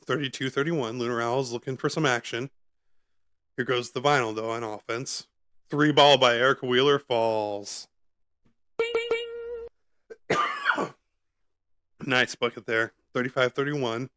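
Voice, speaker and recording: A man hosting a live stream from home, giving casual play-by-play commentary in a relaxed, chatty way with frequent asides and fillers, speaking close to his microphone. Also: medium pitch, measured pace, long pauses, clean tone. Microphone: close microphone in front of his face.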